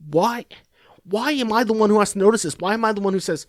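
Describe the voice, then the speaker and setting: A man's voice: high voice, fast, no room sound, studio quality. A man hosting a podcast, giving rambling, sarcastic political commentary full of swearing and restarts. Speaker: podcast host.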